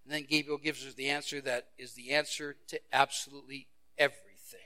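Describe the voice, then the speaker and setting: A male pastor preaching a sermon. He tells a Bible story and acts out the characters' lines, moving between loud exclamations and hushed, quiet passages. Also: medium pitch, level tone, brisk.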